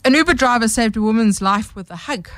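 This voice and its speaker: A woman's voice: fairly high pitch, quick pace, a bit bright, no room sound. A woman from South Africa hosting a midday radio news show, upbeat and conversational. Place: radio studio. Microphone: studio microphone.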